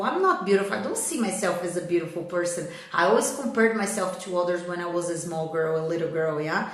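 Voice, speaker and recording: A Brazilian woman with a slightly low voice and a Brazilian Portuguese accent gives a motivational English lesson on a live stream. She keeps asking her audience "yeah?" and "okay?" to check they follow. Her voice rings around a very echoey room. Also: lively intonation, brisk. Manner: earnest, checks in with the audience often. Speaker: English teacher.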